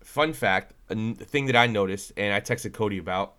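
A man's voice: lowish voice, normal speed, sharp tone. Teasing, talkative man. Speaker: podcast co-host. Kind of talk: casual wrestling chat.

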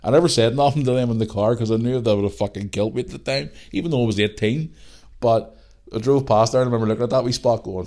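This man's voice is mid-range and darkish, and he talks fast. He's a Northern Irish podcast host in his forties spinning a loose, rambling yarn with free-flowing profanity.

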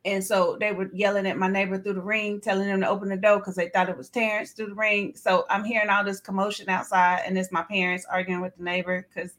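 A woman co-hosting a sports talk show, telling stories in an animated, laughing way. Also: mid-range voice, quick pace, few pauses. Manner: animated storytelling, laughs often. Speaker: podcast co-host. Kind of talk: casual chat.

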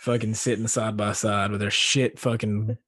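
A man's voice: fairly low pitch, level tone, moderate pace, a bit bright, no room sound, clean studio sound. A man hosting a podcast, chatting casually, rambling and swearing with lots of filler words. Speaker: podcast host.

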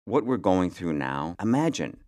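Low male podcast host, blunt ranter, stumbles and repeats. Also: big pitch swings, normal speed, a little mellow. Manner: blunt, ranting, repeats words. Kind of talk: casual chat.

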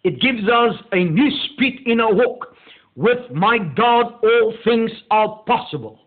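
A male pastor delivering a meditative sermon, slow and deliberate, leaning hard on key words. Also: high-pitched, animated. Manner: slow, deliberate preaching with drawn-out emphasis. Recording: tinny phone-like audio.

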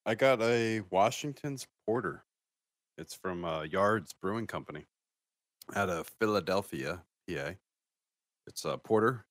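Low-voiced man reviewing beer casually. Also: dry recording, clean studio sound. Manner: relaxed, rambling with fillers. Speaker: podcast co-host. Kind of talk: casual beer podcast chat.

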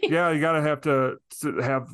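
A man with a smooth, resonant voice talks as a podcast guest in a dry, close-sounding recording. He speaks thoughtfully and hesitantly, working his ideas out as he goes. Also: on the high side, fairly even intonation, normal speed, a bit bright, dry recording. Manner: thoughtful, hesitant with many restarts. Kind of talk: casual film discussion.

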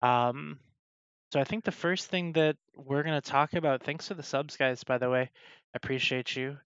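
A man's voice: medium pitch, fairly bright tone, clean tone, dry recording, lo-fi sound. A man hosting a casual livestream talk show about an online game, swearing freely and cutting in on his co-hosts. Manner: casual, swearing, quick to cut in.

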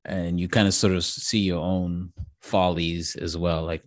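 A man with a lowish voice hosts a podcast in easy conversation, laughing readily and circling back on his sentences. It is recorded close and dry. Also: flat delivery, a little slow, dry recording. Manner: talkative, laughs easily, restarts his sentences. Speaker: podcast host. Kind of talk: casual podcast chat.

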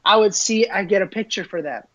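A man's voice: sits high, a little fast, fairly bright tone, rough recording. A man, a minister, telling stories in a casual interview, acting out the voices he quotes and laughing often.

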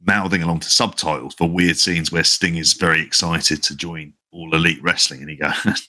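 A man's voice: low voice, fairly even intonation, fairly quick, pushed and bright. A man co-hosting a casual podcast chat, blunt and exasperated, with salty language. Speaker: podcast co-host.

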